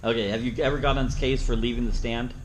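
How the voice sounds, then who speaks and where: A man's voice: mid-range voice, steady tone, fast, slight background noise, rough recording. A man teaching a dog training seminar, plain-spoken, who acts out the dog's thoughts in playful asides. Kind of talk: seminar teaching with live demonstration.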